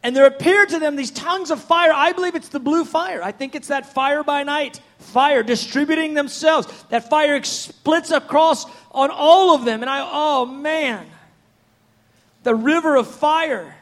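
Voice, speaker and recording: A man's voice: very high-pitched, a little slow. A man preaching a sermon in a fervent, conversational, rambling way.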